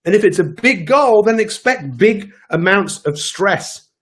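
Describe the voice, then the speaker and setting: A man's voice: sits high, expressive, measured pace, a bit bright. A man giving an emphatic motivational daily talk as a coach, repeating his key phrases.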